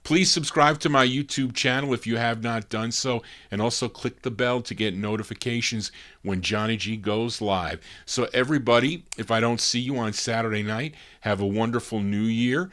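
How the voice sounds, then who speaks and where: A man hosting a live record show, hoarse from losing his voice, talking in a laid-back, rambling way and correcting himself as he goes. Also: medium pitch, normal speed, fairly bright tone. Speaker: radio-style DJ host. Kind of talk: casual live DJ chat between records.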